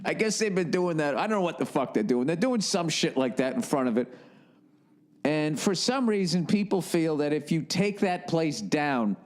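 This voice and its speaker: A man's voice: a little high, animated, normal speed. A man hosting a podcast alone, telling a rambling comic monologue full of sarcasm, swearing and tangents. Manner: profane, sarcastic, tangent-prone. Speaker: podcast host.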